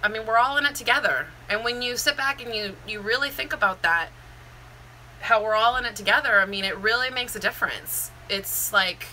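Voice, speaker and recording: A woman's voice: a little high, fairly quick, sharp tone, a little hiss or hum, rough recording. A woman, a Zumba instructor, talking candidly in a rambling, heartfelt live-stream chat, full of fillers and restarts. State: near tears.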